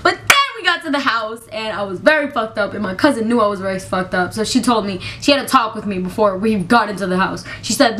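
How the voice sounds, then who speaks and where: A young woman telling a storytime vlog, animated and swearing freely, often laughing as she talks. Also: mid-range voice, quick pace, few pauses. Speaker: vlogger.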